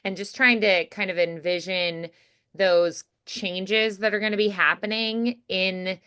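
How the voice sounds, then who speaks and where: A woman's voice: medium pitch, steady tone, a little slow, bright, forceful tone, clear, resonant tone. A woman coaching a voice actor in a chatty way, acting out sample lines and laughing often.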